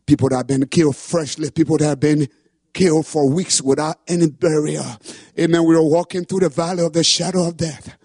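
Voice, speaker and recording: A man preaching a sermon testimony with impassioned delivery that rises to shouts. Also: fairly high pitch, fairly even intonation, a little fast, no room sound, studio quality. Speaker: pastor.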